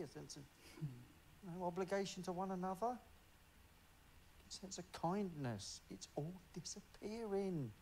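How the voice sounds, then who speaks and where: An actor playing an earnest, agitated working-class man who pleads his case slowly and intently in a television drama. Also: sits high, darkish tone, slight background noise, poor audio. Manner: earnest, pleading, slows down for emphasis.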